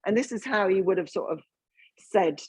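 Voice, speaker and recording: A woman giving a spiritualist mediumship reading in a halting, earnest way full of fillers and restarts. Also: medium pitch, darkish tone, slightly rough.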